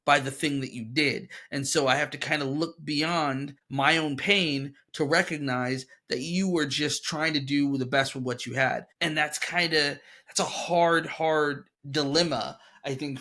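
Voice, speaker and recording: Rambling, high-voiced man on a podcast. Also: measured pace, few pauses. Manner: rambling, animated, swears freely. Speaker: podcast co-host. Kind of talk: casual podcast discussion.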